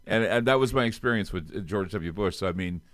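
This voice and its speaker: A man hosting a talk show, with a voice that sits very low. He tells stories with a theatrical touch. The sound is close and dry, with no room around it. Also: fast talker, a bit bright, no echo. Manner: storytelling, theatrical. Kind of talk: casual interview chat.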